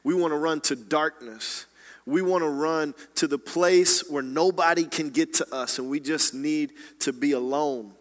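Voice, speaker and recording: A man preaching a sermon as a pastor, swinging between hushed, quiet passages and loud, rising exhortation. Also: fairly high pitch, a little slow, big-room sound.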